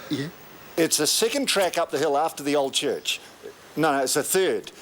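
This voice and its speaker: A man's voice: a little high, normal speed, slight background noise, close to an everyday voice. An actor playing a flustered male property manager who hesitates and keeps correcting his directions. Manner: hesitant, correcting himself repeatedly.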